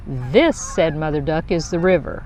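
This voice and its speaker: A woman's voice: low-pitched, expressive, moderate pace, a little mellow. A woman voicing a proud, doting mother duck in a children's storybook.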